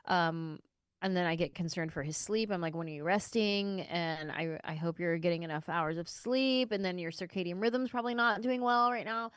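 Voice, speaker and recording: Woman, podcast host, animated storyteller, casual slang, studio, dry close sound. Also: on the low side, moderate pace, clear, resonant tone, dry recording.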